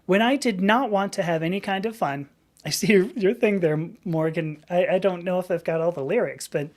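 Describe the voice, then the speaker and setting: A woman's voice: on the low side, moderate pace. A woman in her fifties hosting a casual live stream. She rambles as she reads the chat, restarts her sentences often and laughs easily. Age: 50s. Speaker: livestream host.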